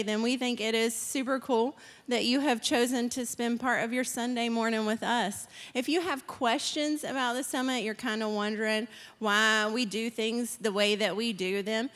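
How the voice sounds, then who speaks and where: A woman's voice: on the high side, fairly bright tone. A woman hosting a church service, giving the welcome and announcements in a bubbly, casual, enthusiastic way. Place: church auditorium. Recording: long reverb of a large hall.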